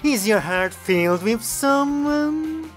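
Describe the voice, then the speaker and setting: A man's voice: extremely high pitch, animated, takes it slowly, soft background music, pitched above the performer's own voice, full character voice. A man voicing a brash, tipsy middle-aged woman official who talks cheekily and bossily. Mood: cheeky. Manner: cheeky and bossy.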